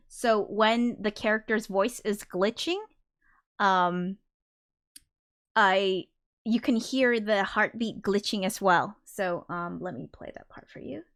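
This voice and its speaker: A woman's voice: mid-range voice, a bit bright. A woman hosting a casual livestream, thinking aloud as she explains her songs and now and then singing a line to show what she means. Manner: demonstrates by briefly singing lines. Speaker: livestream host and songwriter.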